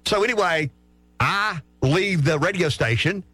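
Chatty Southern radio co-host, slightly high voice, dry studio. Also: male voice, measured pace, no room sound. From South Carolina. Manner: animated, chatty, acts out voices in his stories. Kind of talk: casual radio storytelling.

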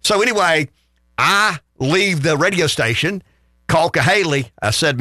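A man with a Southern US accent, co-hosting a radio show and telling stories in a casual, animated way, chuckling often. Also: fairly high pitch, unhurried, dry recording, clean studio sound. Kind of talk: casual radio talk, storytelling.

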